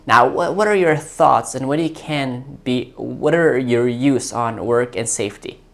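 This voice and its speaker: A man hosting a tech video, talking informally and eagerly, often halting and repeating words as he chats with an AI assistant and his viewers. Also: medium pitch, creaky. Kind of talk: casual talk to an AI voice assistant and to viewers.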